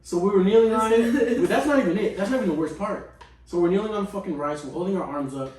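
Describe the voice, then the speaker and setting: A man on a podcast telling a story in a casual, profane, animated way. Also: high-pitched, quick pace. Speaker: podcast guest. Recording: echoey room, distant mic.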